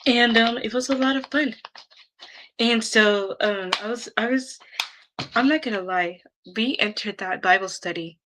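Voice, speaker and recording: A woman's voice: a little high, a little slow, noisy background. A young woman telling her viewers a personal story in a chatty, rambling way, full of "like" and "um". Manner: chatty, rambling, heavy use of "like" and "um". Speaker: YouTuber.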